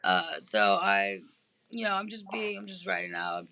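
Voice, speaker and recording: A woman's voice: a bass voice, huge pitch swings, normal speed, bright, forceful tone. A woman telling a long story in casual chat from a hospital room, rambling with many fillers and restarts, heard over a phone or video call. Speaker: interview guest.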